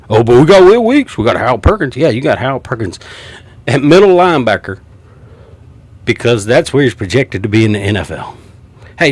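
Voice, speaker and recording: Heated man ranting. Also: medium pitch. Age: 50s. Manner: profane, heated and mocking. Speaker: sports commentator. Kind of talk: ranting sports commentary.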